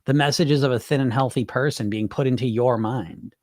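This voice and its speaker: A man's voice: medium pitch, fairly quick, darkish tone, no room sound. Candid man chatting in a dry room. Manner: candid and conversational, swears freely, repeats himself. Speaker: weight-loss hypnosis coach hosting a live Q&A. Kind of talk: casual live chat answering viewer comments.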